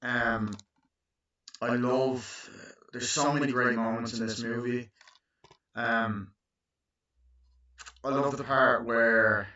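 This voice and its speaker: A young man in his twenties recapping a movie in casual, profane chat, acting out lines in high voices. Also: steady tone, slow pace, pauses often, sharp tone. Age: 20s. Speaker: movie reviewer. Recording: echoey, distant, muffled room recording.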